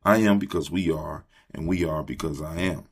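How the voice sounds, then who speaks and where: A man's voice: a bass voice, moderate pace, breathy edge. A man hosting a motivational morning talk, leading his listeners in call-and-response and repeating phrases like a preacher. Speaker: host.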